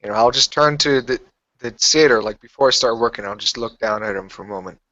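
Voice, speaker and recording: A man playing in a tabletop game, describing his moves in casual, halting speech. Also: mid-range voice, bright, forceful tone. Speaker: player. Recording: dull, dry sound.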